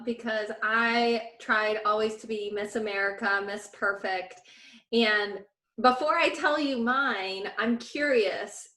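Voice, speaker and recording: A podcast co-host with a slightly high voice tells a story in relaxed conversation, acting out the quoted lines with animated energy. The sound is roomy.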